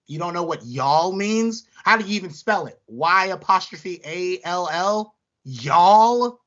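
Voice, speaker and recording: A man's voice: high voice, unhurried. A young man, chatting casually as a podcast co-host and telling profane stories. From American South. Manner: animated, profane storytelling with mocking impressions. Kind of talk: casual chat. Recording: dull lo-fi audio.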